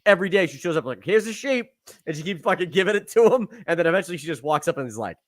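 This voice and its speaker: A man with a slightly high voice chats casually on a podcast, talking animatedly and swooping into quick character voices. The sound is dry and close, with no room echo. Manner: animated, acts out characters with sudden swoops in pitch. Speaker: podcast co-host. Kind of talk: casual chat.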